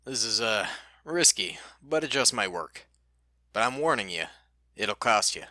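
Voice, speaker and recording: A man voicing a gruff, impatient male pirate captain who works for hire, with an offhand drawl. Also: fairly low pitch, very animated, a little slow, pushed and bright, no echo, clean studio sound, heavily acted.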